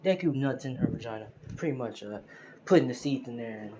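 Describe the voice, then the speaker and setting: A man's voice: medium pitch, expressive, a little fast, noisy background. A man improvising a fan story aloud, rambling with many fillers and restarts, recorded on a phone. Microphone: phone screen recorder.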